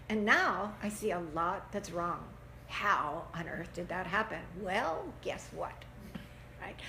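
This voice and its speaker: A woman teaching a church parenting class, lively and expressive, often laughing and acting out the people she quotes. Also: medium pitch, slight background noise. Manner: animated, acts out quotes in voices, laughs often. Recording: echoey room with faint ambience.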